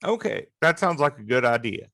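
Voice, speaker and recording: A man's voice: medium pitch, very animated, normal speed, pushed and bright, dry recording, clean studio sound. A man playing a tabletop game, hesitant and polite. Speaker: player. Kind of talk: casual tabletop play.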